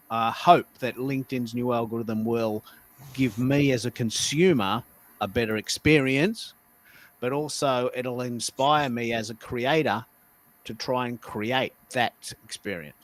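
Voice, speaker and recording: A man's voice: mid-range voice, a little slow. A man talking casually as a guest on a live panel, often restarting words as he goes. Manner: animated, self-correcting restarts.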